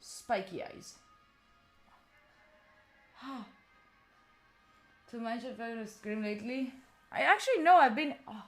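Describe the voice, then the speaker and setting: A woman's voice: on the high side, expressive, slow, pauses often, fairly bright tone, faint music behind. Chatty woman streamer. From Italy. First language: Italian. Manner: chatty, thinks aloud, talks straight to chat. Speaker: live streamer. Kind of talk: casual live-stream chat.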